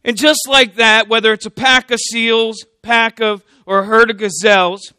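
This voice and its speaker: Brief: high, bright-voiced male preacher, casual and joking with the congregation. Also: steady tone, moderate pace, clear, resonant tone, no echo. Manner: joking, conversational, checks in with the congregation. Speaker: candidate pastor preaching. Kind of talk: sermon.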